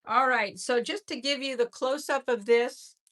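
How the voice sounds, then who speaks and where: Woman host for a live sale stream, bright tone, slow unhurried delivery, gushing and chatty. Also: sits high. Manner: chatty, effusive, repeats words. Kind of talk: casual live-stream selling.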